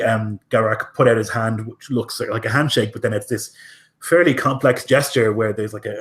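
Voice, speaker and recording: A man's voice: mid-range voice, a bit bright. A man narrating as game master in a tabletop game, casual and full of hesitant fillers.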